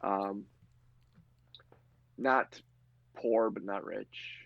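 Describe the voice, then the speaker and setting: A man's voice: on the low side, steady tone, extremely slow, gravelly, lo-fi sound. A man narrating a tabletop game as game master, with frequent fillers and laughter. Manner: filler-heavy, laughs often. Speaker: game master and podcast host.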